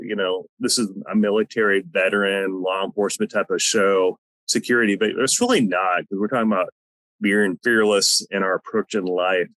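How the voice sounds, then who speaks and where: A podcast host with a lowish, fairly bright voice keeps things loose and rambling, dropping fillers and jokes during a casual chat. He's on a video call without a headset, and the audio is poor, though there's no room sound.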